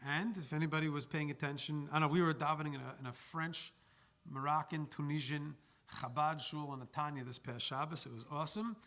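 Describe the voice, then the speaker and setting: A rabbi teaches a Torah class, his voice sitting a touch high for a man. He tells stories in an animated, chatty way with plenty of restarts and Yiddish and Hebrew words. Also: a little fast. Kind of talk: Torah lecture with storytelling.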